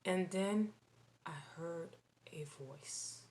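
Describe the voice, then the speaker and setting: Slow, halting woman recounting a dream. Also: lowish voice, a little mellow. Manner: halting, repeats phrases, many restarts. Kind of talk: casual spoken testimony.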